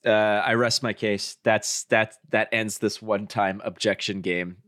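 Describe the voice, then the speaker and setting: A man's voice: on the low side, fairly even intonation, a little slow, a bit bright, dry recording, clean studio sound. A man hosting a podcast, chatting casually in a playful, jokey way. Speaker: podcast host.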